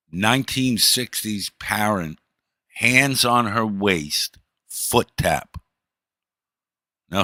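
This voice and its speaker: A man's voice: lowish voice, bright, forceful tone, no echo, studio quality. A middle-aged man streaming, telling a rambling, profane story in a wry, casual way.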